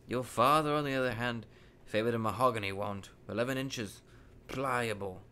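A man reading aloud, voicing an eerie, precise old male wandmaker with measured, drawn-out phrasing. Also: medium pitch, pushed and bright, lightly acted. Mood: musing.

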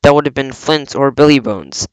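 A man's voice: mid-range voice, normal speed, smooth, no room sound, natural voice, rough recording. A man reading aloud, voicing a scheming older pirate cook with a coaxing, blustering sailor manner. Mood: scornful.

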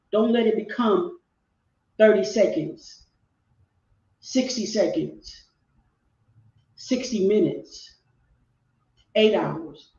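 A woman's voice: medium pitch, mellow, far from the mic. A middle-aged woman speaks earnestly over a video call, her voice set back from the mic in a roomy space. She repeats phrases for emphasis. The sound is dull and lo-fi. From Texas. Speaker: guest life coach. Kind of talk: heartfelt personal storytelling.

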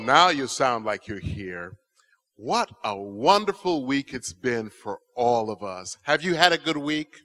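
Animated, slow-paced male storyteller. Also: medium pitch. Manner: animated, expressive storytelling to children. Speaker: children's story teller at church. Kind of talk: children's sermon.

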